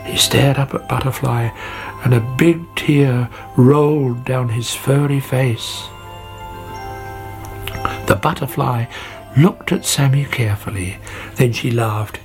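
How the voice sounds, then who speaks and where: A storyteller reading a children's story aloud in an expressive, unhurried way. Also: mid-range voice. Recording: faint background music.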